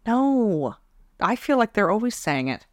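A young Canadian woman co-hosting a podcast, trading dry, deadpan wisecracks in casual chat. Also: medium pitch, a little slow, a crowd in the background. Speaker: podcast co-host.

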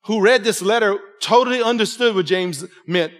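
A man's voice: high-pitched, normal speed, in a large hall. A man in his forties preaching a sermon to his congregation, emphatic and conversational, often checking in with "right?". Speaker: pastor. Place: church sanctuary with congregation.

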